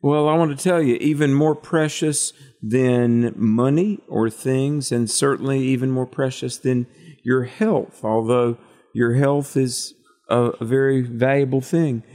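A man's voice: medium pitch, unhurried, mellow. A man co-hosting a Bible study discussion, reading scripture and drawing out its meaning in a preacherly way. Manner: preacherly, asks questions of co-host. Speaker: Bible teacher co-host.

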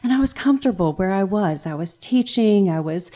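A woman's voice: medium pitch, animated, fairly quick, warm tone. A woman, probably in her thirties, hosting a heartfelt faith conversation and telling a personal story earnestly and with emotion.

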